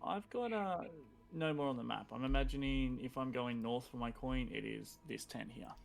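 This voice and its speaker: A man's voice: mid-range voice, moderate pace, creaky, soft background music. A man playing a tabletop game, talking casually and joking with the others. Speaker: player.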